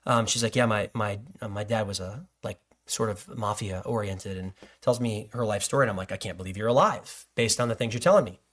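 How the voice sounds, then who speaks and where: A man's voice: lowish voice, a little fast, few pauses, a bit bright. A man, a pastor, preaching a sermon in a loose conversational way, with joking asides and stories.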